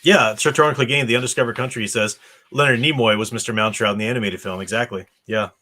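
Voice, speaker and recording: American male host, book discussion, reads the lines with animated voices. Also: mid-range voice, quick pace. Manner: reads dialogue with lively expressive voices. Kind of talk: reading aloud and discussing a novel.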